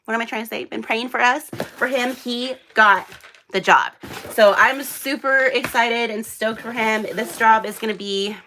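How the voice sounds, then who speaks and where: A woman's voice: on the high side, moderate pace, pushed and bright, slight background noise. A young woman hosting a casual live unboxing from a small room under hot lights, rambling and chatty with lots of fillers. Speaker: host.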